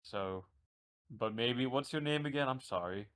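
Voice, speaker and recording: A man's voice: mid-range voice, a little slow, a bit bright. Hesitant, stammering male tabletop player. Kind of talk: tabletop role-play in character.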